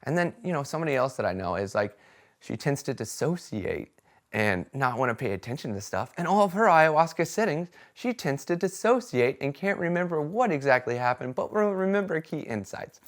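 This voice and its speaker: A man chatting casually to camera about his experiences, telling stories in an animated way and often checking in with "right?" and "okay?". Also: on the high side, brisk. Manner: animated storytelling, acts out quoted voices; conversational fillers like "right?" and "okay?". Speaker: vlogger sharing experiences.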